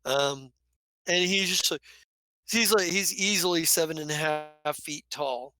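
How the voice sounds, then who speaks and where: A man's voice: a little high, a little slow, bright, forceful tone. A man acting as game master, narrating a tabletop game in a loose, rambling, descriptive way.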